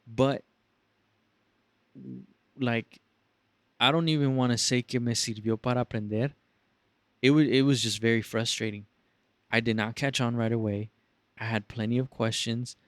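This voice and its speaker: A man's voice: medium pitch, dry recording. A young man telling a story on his podcast, swearing freely and acting out angry callers in raised voices. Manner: profane, animated, acts out callers in raised voices. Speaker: podcast host. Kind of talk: casual storytelling chat.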